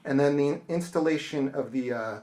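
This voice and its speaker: A man's voice: fairly high pitch, moderate pace, darkish tone. Man, middle-aged, author talk, storytelling, acts out quotes, bookstore audience Q&A. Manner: storytelling, acting out quoted people. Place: bookstore event space.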